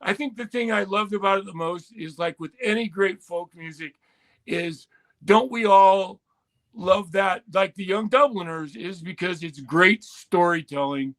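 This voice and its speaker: Cast: eager male podcast guest with a high-pitched voice. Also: fairly bright tone. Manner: enthusiastic, quick to agree. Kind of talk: casual chat.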